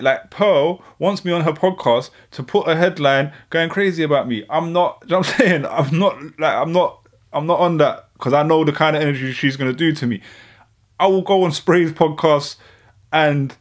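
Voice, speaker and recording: A man, giving a thoughtful live reaction commentary and often checking in with the viewers. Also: a little high. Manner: thoughtful, measured, frequent "you know what I'm saying". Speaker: streamer reacting to clips.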